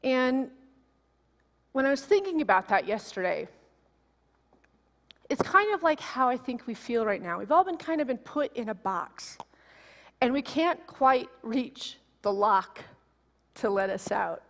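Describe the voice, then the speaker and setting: A woman minister in her forties giving a sermon, telling a personal story in an animated, emotional way. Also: fairly high pitch, a little slow, long pauses. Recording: long reverb of a large hall.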